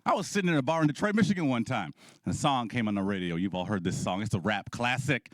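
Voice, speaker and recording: A man doing stand-up on a club stage, his pitch leaping about as he tells stories and checks in with the crowd. The sound is close and dry, with no room echo. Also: fast. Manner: animated storytelling with audience asides. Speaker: comedy showcase host. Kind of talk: stand-up comedy.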